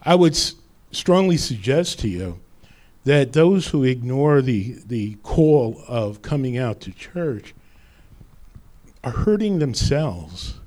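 A man's voice: medium pitch, very animated, slow, a little mellow. A man preaching a sermon as pastor, quoting scripture with rising emphasis.

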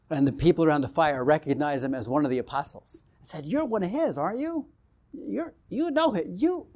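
Storytelling male preacher, fairly high voice. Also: dark tone. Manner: storytelling, acting out quoted exchanges, rises in intensity. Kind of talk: sermon.

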